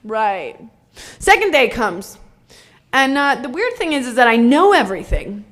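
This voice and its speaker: A woman's voice: on the high side, big pitch swings, measured pace, fairly bright tone. A woman telling her own recovery story in a blunt, darkly funny way, swearing freely. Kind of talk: candid personal testimony.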